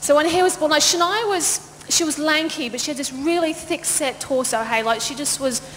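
Woman, pastor, storytelling sermon, high voice, long hall reverb, faint background noise. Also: brisk. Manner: lively, laughing, acts out quoted voices. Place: church auditorium.

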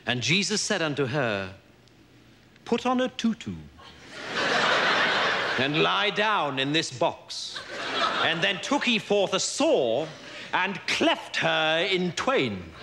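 A solemn vicar who intones scripture in a slow, measured church cadence, his fairly high voice rising and falling widely. This live stage recording carries a loud hiss underneath. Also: big pitch swings, heavily acted. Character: solemn male vicar reading a mock gospel lesson. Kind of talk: live stage sketch, mock scripture reading. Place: theater stage with audience.

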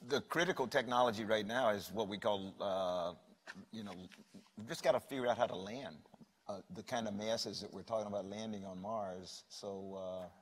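An older man on a panel, answering in a measured way and thinking aloud. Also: fairly low pitch. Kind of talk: panel discussion. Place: conference hall. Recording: echoey hall.

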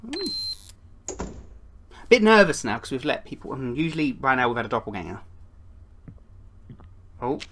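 A woman's voice: extremely low pitch, very animated, moderate pace, pauses often, fairly bright tone, slight background noise. A woman giving playful gameplay commentary, chatting and slipping into put-on voices for the characters. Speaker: gaming YouTuber.

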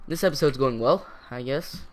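A man casually commenting as he plays a video game, rambling and chatty with sudden bursts of excitement. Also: medium pitch. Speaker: gaming YouTuber. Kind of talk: casual let's-play commentary.

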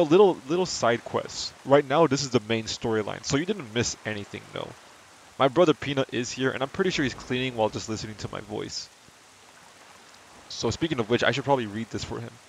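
A chatty streamer at home, reading game dialogue aloud between casual, self-deprecating asides. His voice sits at an ordinary middle pitch, with soft rain sounds from the game patter behind him. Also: a little fast, vocal fry, slight background noise.

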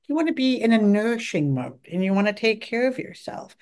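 A woman's voice: fairly high pitch, fairly quick. A middle-aged woman dietitian, a podcast guest, talking eagerly and acting out her patients' words. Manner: enthusiastic, talkative, quotes patients in lively voices. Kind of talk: podcast interview.

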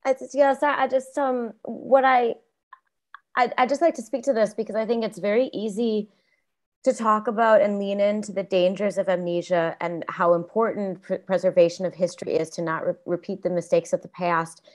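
A woman's voice: mid-range voice, level tone, normal speed, darkish tone. A woman in a film's cast on a Q&A panel, speaking earnestly in long flowing sentences with slight stumbles. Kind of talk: thoughtful panel commentary.

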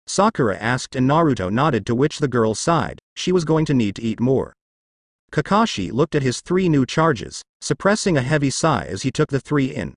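Young guy reading fanfic, lively up and down voice, dry close mic. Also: mid-range voice, normal speed, no echo. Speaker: narrator. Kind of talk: fan fiction reading.

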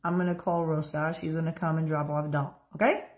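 Woman as a tender mother at the bedside, soft and reassuring, a touch higher than usual. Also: expressive, takes it slowly. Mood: soothing. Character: gentle, nurturing mother comforting her child.

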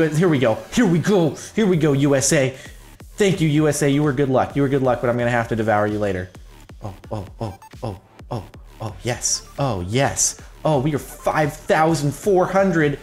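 Excitable man narrating his gameplay. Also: medium pitch. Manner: excitable, jokey, rambling with frequent laughs. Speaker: gaming video host. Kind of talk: casual gameplay commentary.

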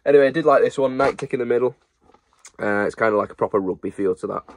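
A man's voice: mid-range voice, quick pace, slight background noise. A young man, casually showing off secondhand football shirts he is reselling, in a chatty, rambling way. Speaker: online reseller. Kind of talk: casual haul chat.

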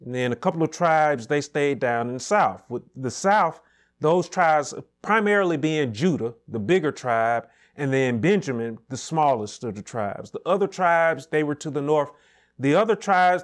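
A man teaching a Sunday school Bible lesson, measured and repetitive, checking in with "right?" as he explains. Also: fairly high pitch. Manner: measured, repeats key points, asks "right?".

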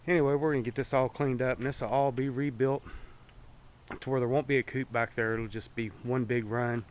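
A man's voice: mid-range voice, steady tone, fairly quick, dull audio, a little hiss or hum. A man chatting casually on his vlog, rambling and folksy, with lots of fillers. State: out of breath. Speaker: hobby farmer vlogger.

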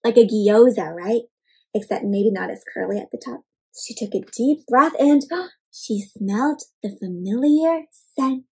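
A woman reading a picture book aloud to children, animated and often asking her young listeners questions. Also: a little high, measured pace, creaky, husky. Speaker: children's storyteller. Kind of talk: interactive read-aloud for kids.

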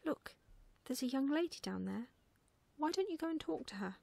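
A woman's voice: sits high, lively intonation, moderate pace, vocal fry, a little mellow, no echo, voice pushed up. Whispered role-play: woman as a sleepy, kind mother owl, soothing, dry close sound. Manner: drowsy and soothing.

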